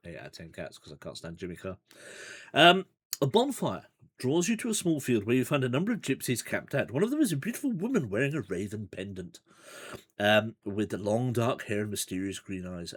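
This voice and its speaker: Husky, chatty man reading a gamebook. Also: on the low side. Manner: chatty and rambling, with asides and chuckles. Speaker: livestreamer playing a gamebook. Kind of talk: casual livestream gamebook playthrough.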